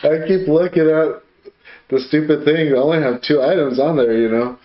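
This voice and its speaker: A man's voice: fairly high pitch, moderate pace. A man co-hosting a podcast, telling a crude story in casual chat, swearing a lot and laughing as he goes. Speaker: podcast co-host. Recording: echoey room, dull lo-fi sound, faint noise.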